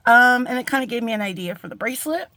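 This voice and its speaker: A woman's voice: on the high side, animated, fast, pushed and bright, a little hiss or hum. A woman hosting a casual jewelry-making tutorial from her craft desk at home, rambling and joking about herself as she talks. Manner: chatty, rambling, self-deprecating, with fillers. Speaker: jewelry-making channel host.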